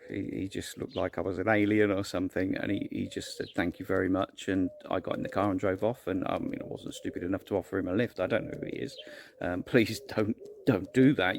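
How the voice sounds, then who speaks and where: A man's voice: lowish voice, vocal fry, a little mellow, a little hiss or hum. A man, telling a personal story in a casual vlog monologue, earnest and rambling, with many restarts. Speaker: vlogger.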